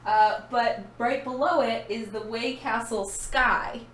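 A woman's voice: on the high side, fairly even intonation, slow pace, fairly bright tone, roomy sound, slight background noise. A woman co-hosting a podcast who chats casually, rambling and giggling. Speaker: podcast co-host. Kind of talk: casual chat.

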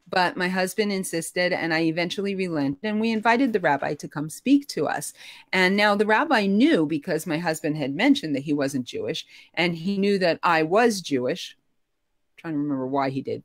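Middle-aged woman, low-pitched, lively storyteller, dry close sound. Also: no room sound. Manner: animated, expressive, rising pitch when emotional. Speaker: guest telling her story. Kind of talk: conversational storytelling.

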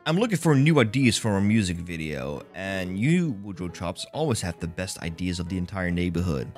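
A man's voice: sits low, very animated, brisk, darkish tone, faint music behind. A joking man playing a game. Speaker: gaming streamer. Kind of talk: casual gameplay commentary.

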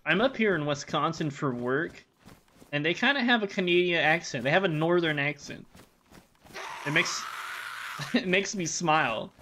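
A man's voice: on the high side, lively intonation, normal speed, long pauses, sharp tone, a little hiss or hum. A man from the United States, a game streamer chatting casually with his live chat while he plays, joking and rambling.

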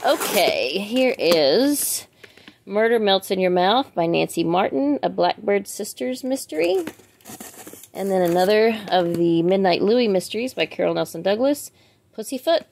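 Gravelly-voiced woman chatting books. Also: mid-range voice, lively intonation, unhurried, a little mellow. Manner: reads titles aloud, chatty asides to viewers. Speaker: book vlogger. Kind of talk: casual book unboxing chat.

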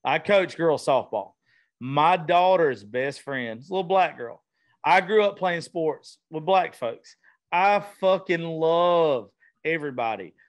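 A man's voice: a little high, animated, takes it slowly. A man with a Southern US accent hosting a podcast in a studio, talking bluntly and casually and swearing freely. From Southern United States. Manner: profane, blunt, rambling. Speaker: podcast host. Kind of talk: casual chat. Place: vintage-themed studio.

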